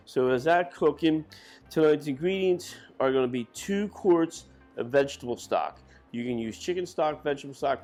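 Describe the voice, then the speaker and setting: A man's voice: mid-range voice, a little mellow. Rambling folksy man cooking. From Irish family. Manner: rambling, self-correcting, folksy. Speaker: cook. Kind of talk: casual cooking demonstration. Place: kitchen.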